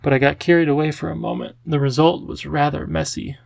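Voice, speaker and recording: A man voicing a charming, theatrical male cat with a genteel, drawn-out, fussy way of talking. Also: a little high, flat delivery, vocal fry, a little mellow, dry recording. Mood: wheedling.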